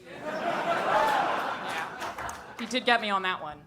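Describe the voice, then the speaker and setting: A woman's voice: on the high side, huge pitch swings, slow pace, very noisy. A woman doing a stand-up comedy set on stage into a handheld mic, brash and profane, laughing at her own jokes. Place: comedy stage before a live audience.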